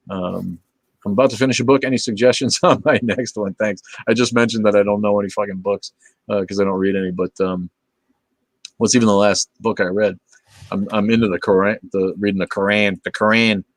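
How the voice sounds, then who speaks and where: Laid-back low-voiced man rambling casually. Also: dry recording. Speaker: livestream host. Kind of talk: casual livestream chat reading viewer comments.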